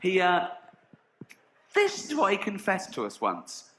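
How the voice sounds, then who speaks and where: This English man tells his stand-up stories in a lively voice that swings high and low, often breaking into giggles as he goes. His tone is bright and forceful, and his storytelling is blunt and sweary, with a faint hiss behind him. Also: a little slow, echoey room. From England. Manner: giggly, laughs through his own lines. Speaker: stand-up comedian. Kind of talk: stand-up comedy.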